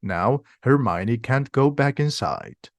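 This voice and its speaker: A man reads a simplified storybook aloud. His pace is steady and his words are clear. He speaks at a middle pitch, and the recording is dry and close. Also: slow, no echo. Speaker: audiobook reader.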